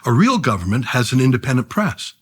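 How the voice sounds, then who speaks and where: A man as an interview guest, talking in a quick, wry, punchy way with deadpan jokes. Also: mid-range voice, husky. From Canada. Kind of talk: conversational interview.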